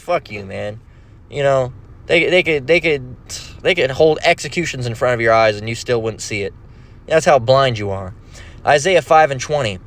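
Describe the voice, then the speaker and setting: A man's voice: medium pitch, animated, moderate pace. A man in an aggressive, scornful religious rant, full of cursing and mockery. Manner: aggressive, scornful, mocks others in put-on voices. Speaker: religious video preacher.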